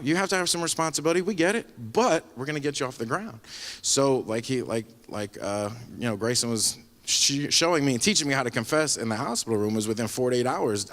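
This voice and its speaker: A man giving a rambling, animated spoken testimony at a church service, telling his story with laughs along the way. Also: mid-range voice. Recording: live church hall with long reverb.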